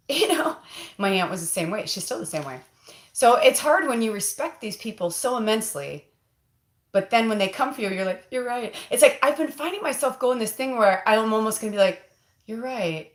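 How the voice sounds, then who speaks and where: This is a woman with a slightly low voice, hosting a casual livestream as a spiritual medium. She rambles in a heartfelt way, full of fillers and asides. Her voice rings out in an echoey room.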